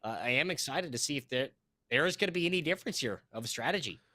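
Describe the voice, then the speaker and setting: A man casting a live esports match, talking fast and rambling, quick to laugh. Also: medium pitch, expressive, pushed and bright, no echo. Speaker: esports caster.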